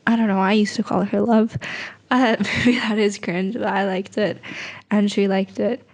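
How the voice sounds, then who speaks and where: A young woman vlogging casually, rambling softly and sometimes dropping to a whisper. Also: medium pitch, level tone, a little slow. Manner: soft, rambling, drifts into whispers. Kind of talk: casual late-night vlog chat.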